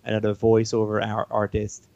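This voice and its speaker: A man whose first language is French, a game developer explaining his work in a casual interview, halting and chuckling as he talks. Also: lowish voice, completely flat delivery, vocal fry, a little mellow, no echo, dull audio.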